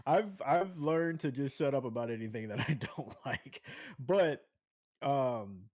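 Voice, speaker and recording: A man's voice: medium pitch, animated, unhurried, a little mellow, no room sound. A man in his thirties in casual chat as a podcast co-host, laid-back and laughing often as he rambles. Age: 30s.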